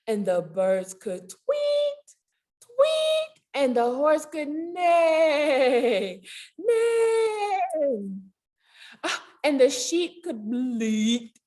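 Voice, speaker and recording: A woman reading a picture book aloud at a library storytime, animated and sing-song, with playful animal sound effects. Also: high-pitched. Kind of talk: children's storytime read-aloud. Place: public library.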